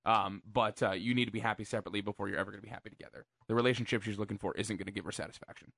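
A man's voice: lowish voice, steady tone, racing, creaky, fairly bright tone, no echo. A man giving earnest advice in a casual chat, talking about happiness and faith.

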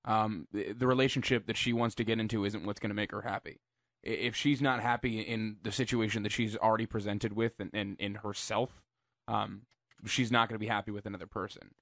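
A man's voice: lowish voice, flat delivery, a little fast, a bit bright, dry recording, clean studio sound. A man giving earnest advice in a casual chat, talking about happiness and faith.

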